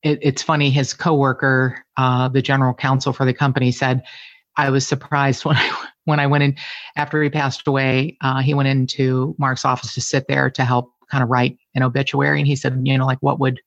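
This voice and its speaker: A middle-aged woman from the Cincinnati area of Ohio is a guest in a casual conversation, telling stories candidly and animatedly and cursing freely. Her voice is very deep and fairly quick. The recording is muffled, with no room sound.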